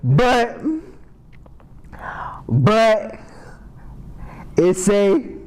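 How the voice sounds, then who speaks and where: Bible class teacher, male, slightly high voice, loose slangy delivery that reads a verse and then comments on it. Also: big pitch swings, very slow, darkish tone. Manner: slangy and conversational, reads scripture aloud and riffs on it. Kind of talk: casual Bible study teaching. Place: Sabbath class meeting room.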